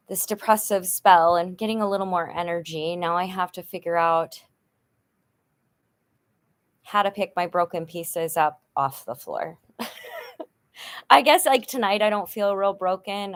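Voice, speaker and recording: A middle-aged woman talking frankly in a personal vlog, rambling with many fillers and sounding frustrated and worn down. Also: on the low side. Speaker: vlogger.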